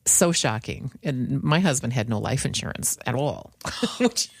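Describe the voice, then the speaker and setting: A woman's voice: extremely low pitch, lively intonation, unhurried, creaky, breathy edge, no echo. A middle-aged woman hosting a conversational interview, empathetic and chatty with plenty of fillers. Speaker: podcast host.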